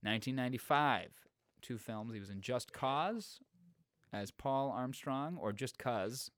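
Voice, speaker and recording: A man in a relaxed podcast conversation, talking in an even, middle-pitched voice. He works through a list of titles with chatty asides. The recording is close and dry, with no room sound. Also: unhurried, no room sound. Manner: chatty, reads out film lists, musing asides. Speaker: podcast co-host. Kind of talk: casual chat.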